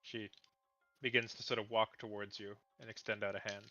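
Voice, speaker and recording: Male game master with a bright tone and relaxed, laid-back narration on a slightly lo-fi recording. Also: lowish voice, a little fast, soft background music. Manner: relaxed, laughs easily, loose descriptive narration. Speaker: dungeon master.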